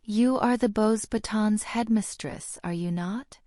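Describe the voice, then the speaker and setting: A woman voicing a stern elderly witch who speaks in a firm, measured way. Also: medium pitch, warm tone, no room sound, clean studio sound, lightly acted. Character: stern elderly witch, calm creature expert.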